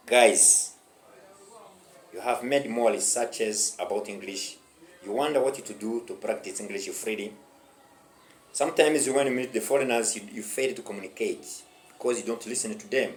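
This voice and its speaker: A man's voice: medium pitch, lively intonation, moderate pace. Male English teacher, emphatic and repetitive delivery, reverberant room. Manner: emphatic, repetitive, addresses viewers as dear friends. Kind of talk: online English lesson. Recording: echoey room.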